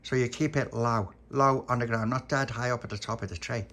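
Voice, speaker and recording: Guy doing a bossy cheery crew boss in a homemade bedtime story, loud and chummy. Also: medium pitch, fairly even intonation, a little fast, natural voice.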